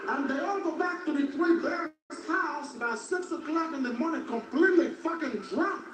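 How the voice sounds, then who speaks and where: A man doing stand-up comedy, telling a crude story in a deadpan way, recorded from far off in an echoey, noisy club. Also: extremely high pitch, moderate pace.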